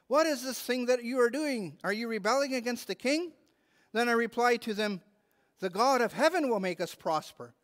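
A man's voice: sits high, fairly bright tone, in a large hall. A man preaching a sermon as pastor, earnest and repeating words as he stresses his points. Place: church hall.

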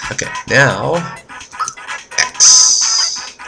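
A woman's voice: rumbling low, sing-song, very slow, gravelly. A woman giving let's-play commentary on a game, easily frustrated, cursing and talking back at the enemies. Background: game music.

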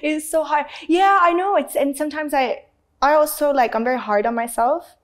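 A woman's voice: high-pitched, expressive, fairly quick. A young adult woman being interviewed. She talks candidly and expressively, with lots of "like" fillers and frequent easy laughter. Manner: laughs easily and often. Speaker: interview guest.

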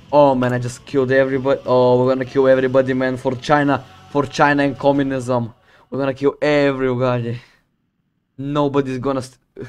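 A young man from the Balkans casually commenting on his strategy game, boasting, swearing and joking to himself as he plays, with loud music behind him. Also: mid-range voice. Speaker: streamer playing a strategy game. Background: loud background music.

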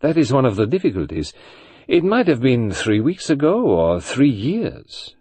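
A man playing a fastidious older detective who questions people in a precise, formal manner in an audiobook. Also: mid-range voice, huge pitch swings, warm tone, husky, no echo, voice pushed up, heavily acted. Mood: probing. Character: fastidious elderly male detective, polite and probing.

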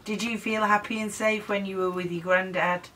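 A woman on a ghost hunt calmly asking questions of spirits. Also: medium pitch, normal speed. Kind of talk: calling out to spirits. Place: dark old building indoors. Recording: distant noisy camera audio.

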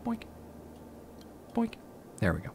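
A let's play host gives casual, profane, joking commentary on a city-building game, speaking slowly over game music. The recording has a little hiss or hum.

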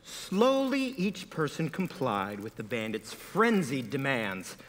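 A man's voice: medium pitch, big pitch swings, takes it slowly, long reverb tail. A man narrating a comedy sketch on stage in a mock-dramatic tone, correcting himself as he goes. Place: theater stage.

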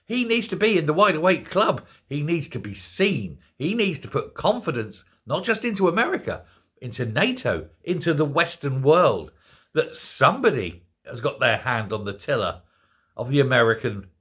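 An older man hosting an opinion commentary show, ranting in an animated, incredulous way. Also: on the high side, normal speed, husky. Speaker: host.

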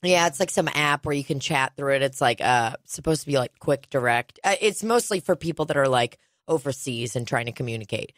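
A woman's voice: very deep voice, lively intonation, a little fast, hardly any pauses, no echo, clean studio sound. A woman co-hosting a podcast in rambling, giggly casual chat, heavy on "like". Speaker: podcast co-host.

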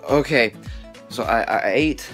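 Young man, vlogger, bright voice, upbeat and joking, stuffy with a cold, headset mic. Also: mid-range voice, a little slow, soft background music. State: sick, stuffy nose. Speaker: vlogger and magician. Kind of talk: casual vlog talk. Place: outdoors and in a car. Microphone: headset microphone.

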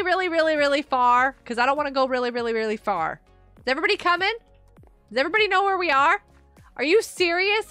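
A woman chatting casually while she streams a game, excitable and quick to gasp and laugh. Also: high voice, no room sound. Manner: excitable, gasping and laughing often. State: sleepy, yawning. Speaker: gaming livestreamer. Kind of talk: casual live gameplay chat.

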